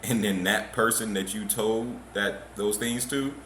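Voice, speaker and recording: Bright-voiced man in an echoey room. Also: on the low side, fairly even intonation, unhurried. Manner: reacts with laughter and disbelief. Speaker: podcast host. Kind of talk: casual chat. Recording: echoey room with faint noise.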